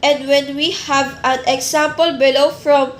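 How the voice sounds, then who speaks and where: High-voiced woman teaching slowly. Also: little pitch movement, a little hiss or hum. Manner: deliberate, explaining step by step with restarts. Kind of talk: classroom lesson. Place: classroom. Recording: echoey room with faint ambience.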